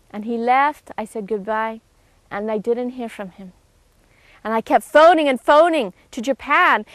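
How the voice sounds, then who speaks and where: A woman giving an earnest, emotional personal testimony, telling her story with frequent restarts. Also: no room sound. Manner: acts out quoted voices with raised pitch.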